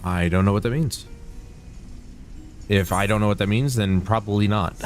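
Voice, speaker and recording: A man's voice: fairly low pitch, normal speed, faint music behind. A man casually commenting on his game during a livestream, playful and jokey, muttering to himself as he plays. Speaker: game streamer.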